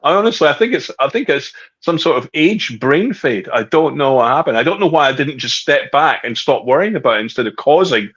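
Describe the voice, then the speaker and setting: A man's voice: a little high, brisk, hardly any pauses, breathy edge, highs cut off. Sweary middle-aged Scottish man. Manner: swears freely, animated storyteller. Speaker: guest. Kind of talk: casual chat.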